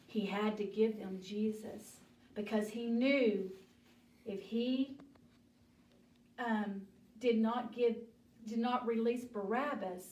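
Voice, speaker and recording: A woman's voice: mid-range voice, darkish tone. A woman teaching a children's Bible lesson, telling the story dramatically and acting out the voices, recorded in an echoey room from some distance.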